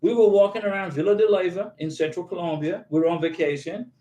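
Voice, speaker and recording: A man's voice: high-pitched, steady tone, quick pace, dark tone. Chatty man hosting a visa livestream. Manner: chatty, emphatic and encouraging, reads viewer comments aloud. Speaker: YouTube channel host answering viewer questions. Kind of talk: casual livestream chat. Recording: echoey room.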